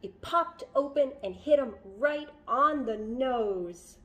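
A woman reading a children's picture book aloud as a storyteller, in a gentle, expressive manner. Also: a little high, takes it slowly, hardly any pauses, faint music behind.

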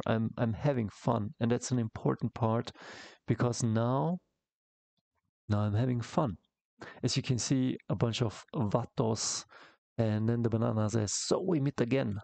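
Brief: man, slow gravelly delivery, casual comic-art tutorial voice-over, dry close mic. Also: lowish voice, darkish tone, no room sound. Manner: rambling, halting, many fillers and restarts. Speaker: comic artist teaching.

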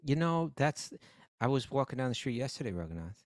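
A man co-hosting a casual spiritual talk, speaking slowly and reflectively. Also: medium pitch, big pitch swings, a little mellow, dry recording, clean studio sound. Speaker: podcast co-host.

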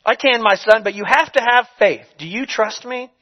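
A man voicing God speaking from above in a joke, slow, reassuring and fatherly. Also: high-pitched, bright, forceful tone. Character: calm booming God calling from above.

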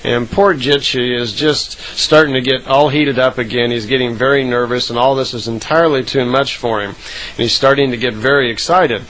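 A man's voice: mid-range voice, fairly even intonation, moderate pace, fairly bright tone, rough recording. A man casually retelling a recorded account, rambling with frequent "uh" fillers and self-corrections.

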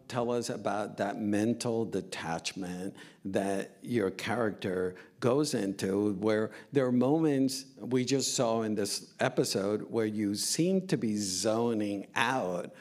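Slow-talking guy hosting a film panel, lots of ums. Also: lowish voice. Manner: hesitant, many ums and restarts. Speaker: moderator. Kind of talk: Q&A moderating.

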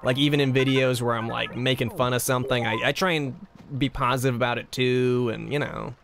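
A man's voice: mid-range voice, fairly even intonation, a little fast, creaky, a bit bright, faint music behind. A man casually chatting on a livestream, rambling and self-deprecating as he reads and answers chat. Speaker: streamer.

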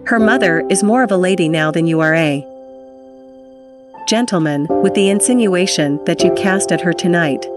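A woman reading aloud voices a young man, a son who stays firm and steady and keeps his respect. The tone is somewhat low, with music clearly in the background. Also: normal speed, lightly acted.

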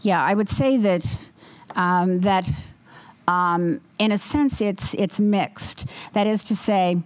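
A woman giving a formal lecture with a slightly wobbly voice, speaking in a measured, deliberate way and taking questions afterwards. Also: medium pitch. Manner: measured, deliberate, with many fillers when answering. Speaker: guest lecturer. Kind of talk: formal lecture, then audience Q&A.

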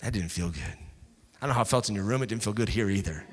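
A man's voice: fairly low pitch, quick pace, slightly rough. A male pastor preaching a sermon in an emphatic, conversational way, sometimes dropping almost to a whisper. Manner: emphatic, conversational, with dramatic drops to near-whispers. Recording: echoey hall.

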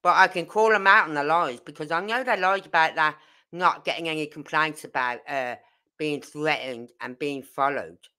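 A low-pitched woman with a sharp tone talks at normal speed. She hosts a true crime livestream in casual chat, rambling indignantly as she reads comments from viewers.

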